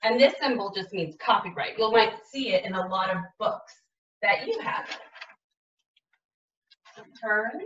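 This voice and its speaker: A woman teaches young children to write, speaking very slowly and stretching out each letter sound as she models the work. Her voice is bright and fairly high. She sounds far from the mic in an echoey room, and the recording is dull and lo-fi. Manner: slow, exaggerated sounding-out of letters and words. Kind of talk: early-grade writing lesson, modeling aloud.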